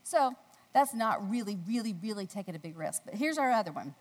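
A woman from the United States giving a devotional talk, telling a personal story with animated delivery and acting out the voices in the story. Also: fast talker. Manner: animated storytelling, acting out quotes in a squealing high voice. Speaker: speaker at a faith gathering. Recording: long hall reverb.

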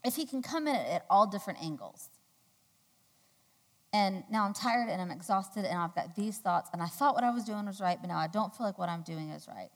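A woman giving a sermon, telling a personal story in a chatty, animated way with loud, high quoted outbursts. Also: fairly quick. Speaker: church speaker. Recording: long hall reverb.

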